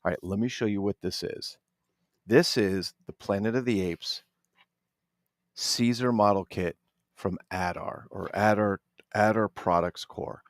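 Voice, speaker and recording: A man from New Jersey chatting casually about his toy collection, animated and swearing freely with jokey asides. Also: lowish voice, unhurried, no echo, clean studio sound. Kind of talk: casual unboxing chat.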